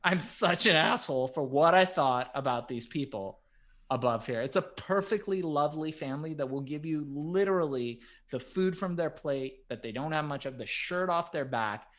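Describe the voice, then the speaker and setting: A middle-aged man co-hosting a podcast, telling a story in casual chat that swings from hushed to loud. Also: mid-range voice. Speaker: podcast co-host.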